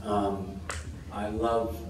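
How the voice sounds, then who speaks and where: Relaxed American man in an echoey hall. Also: fairly low pitch, extremely slow. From United States. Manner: relaxed, self-deprecating, laughs often. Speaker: actor guest on a convention panel. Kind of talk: convention panel Q&A. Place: large convention hall with audience. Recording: very echoey hall from far off, noisy.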